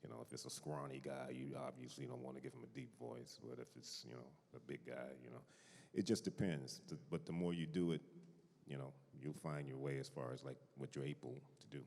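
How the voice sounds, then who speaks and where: A man's voice: a bass voice, steady tone, a little fast, vocal fry, a little mellow. An older man speaking on a convention panel in a dry, joking, laid-back way. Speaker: voice actor panelist. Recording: long hall reverb.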